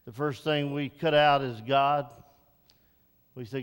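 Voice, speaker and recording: A man's voice: mid-range voice, flat delivery, moderate pace, clean tone. An older man preaching a folksy, rambling sermon in a church, building to emphatic exhortation. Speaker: pastor. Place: church sanctuary. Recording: reverberant church hall.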